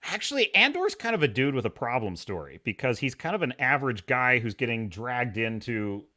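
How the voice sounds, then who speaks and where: A man hosting a live stream, talking in a sarcastic, animated way and reading chat messages aloud. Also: medium pitch, fairly quick. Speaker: podcast host.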